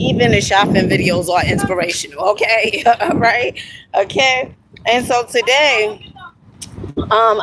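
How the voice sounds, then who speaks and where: A woman records a motivational vlog on her phone at an outdoor lookout, speaking emphatically with a medium-pitched voice. She keeps dropping in "okay?" and "honey" and bursts into excited whoops. There's background noise around her, and she's an inspirational video creator.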